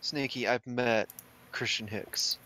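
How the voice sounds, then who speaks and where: A man's voice: mid-range voice, steady tone, takes it slowly, very noisy. A man co-hosting, teasing his friends and swearing in casual banter. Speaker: co-host.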